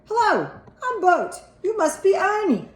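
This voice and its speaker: A woman's voice: very high-pitched, wildly swooping pitch, measured pace, pitched above the performer's own voice, heavily acted. A woman reading a storybook aloud, voicing a silly chattering little boy in a squealing, sing-song voice. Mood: playful. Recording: echoey room.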